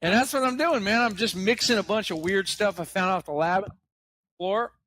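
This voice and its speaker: A man's voice: high voice, normal speed, a bit bright. A man co-hosting a live podcast, goofy and wisecracking in rowdy banter. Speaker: podcast co-host.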